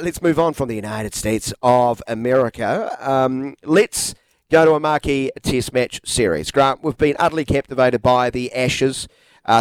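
A man's voice: mid-range voice, dry recording. A man with a New Zealand accent co-hosting a cricket talk show in a playful, presenter-like way. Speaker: co-host. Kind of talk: casual sports chat.

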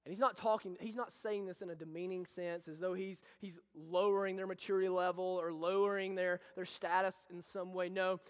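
Pastor, male, very high voice, impassioned repetitive sermon delivery, long hall reverb. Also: flat delivery, brisk, hardly any pauses. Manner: impassioned preaching with repetition, drops to soft intimate tones.

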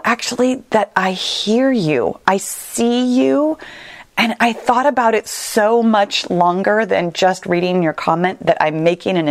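A woman's voice: medium pitch, no room sound. A woman coaching listeners on a solo podcast, talking in an earnest, reassuring and conversational way. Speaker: weight-loss coach, podcast host.

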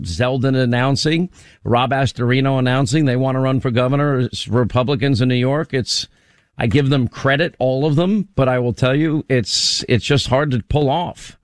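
A man hosting a talk radio show, chatting casually with a co-host and taking calls, quick to laugh. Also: mid-range voice, dry recording. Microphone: studio microphone.

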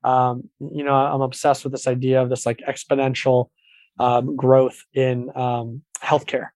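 A man in his thirties telling stories in a casual podcast chat, animated, with many restarts and fillers. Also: medium pitch, measured pace, no room sound.

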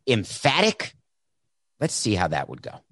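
A man's voice: on the low side, wildly swooping pitch, unhurried, a bit bright, dry recording, studio quality. A man hosting a sports talk show, delivering a sarcastic, mocking monologue into a desk microphone. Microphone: desk mic with mute button.

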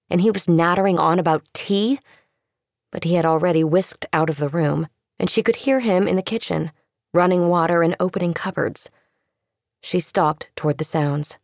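Female audiobook narrator, low voice, vocal fry, dry close sound. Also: darkish tone, no room sound.

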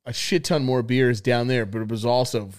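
A man's voice: mid-range voice, steady tone, normal speed. A man co-hosting a podcast, rambling through a story with heavy swearing. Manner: rambling, heavily profane storytelling. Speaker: podcast co-host. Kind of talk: casual chat.

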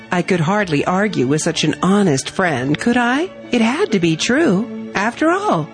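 A woman reading her own heartfelt family story aloud in a gentle storytelling manner. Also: on the low side, animated, normal speed, few pauses, music in the background. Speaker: story reader.

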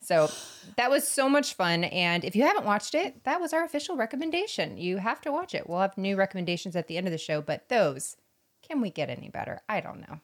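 A woman's voice: medium pitch, very animated. A middle-aged woman co-hosting a podcast, chatting casually with a playful, teasing manner. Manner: playful, teasing, quick to laugh. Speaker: podcast co-host. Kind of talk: casual chat.

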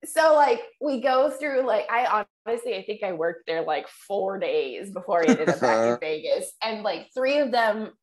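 A young woman co-hosting a casual podcast, her voice swinging widely in pitch as she spins stories. She swears freely and laughs often while she talks. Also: moderate pace, few pauses. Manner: animated, swearing, laughing storyteller. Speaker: podcast co-host. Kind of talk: casual chat.

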